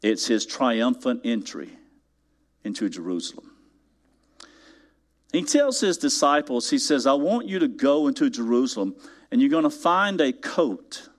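A man delivering a sermon from the pulpit. He leans on key words slowly, then climbs sharply in pitch as his emphasis builds. His voice sits in a middle register between those peaks. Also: big pitch swings. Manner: preaching with sudden rising emphasis. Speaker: pastor.

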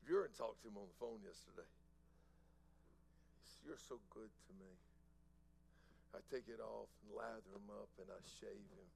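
A middle-aged man preaching a sermon, telling a personal story softly and then building to loud, slow emphatic preaching. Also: mid-range voice, creaky, a little hiss or hum, poor audio. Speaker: pastor.

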